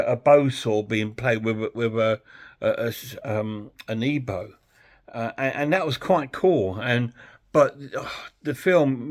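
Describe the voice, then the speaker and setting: A man chatting bluntly and ramblingly as he reviews a film for his channel. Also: medium pitch. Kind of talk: casual film review vlog.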